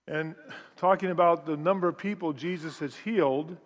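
A man's voice: on the high side, normal speed. A man, a pastor, teaching through a passage of scripture in sermon style, explaining it step by step for his congregation. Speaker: pastor teaching a Bible study. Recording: long reverb of a large hall.

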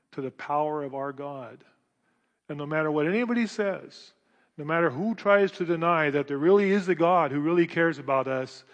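A man preaching a sermon as pastor, earnest and emphatic, often repeating his words. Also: fairly high pitch. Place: church sanctuary. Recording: long reverb of a church hall.

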